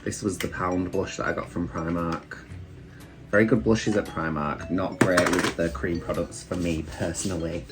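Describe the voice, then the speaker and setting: A man's voice: low voice, fairly even intonation, moderate pace. A British man, a drag queen, chatting casually and self-deprecatingly while doing his makeup at home. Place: room at home. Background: faint background music.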